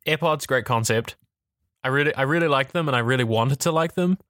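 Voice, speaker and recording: A man co-hosting a casual tech podcast, giving strong opinions with quick laughs. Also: mid-range voice, a bit bright, dry recording, studio quality. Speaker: podcast co-host.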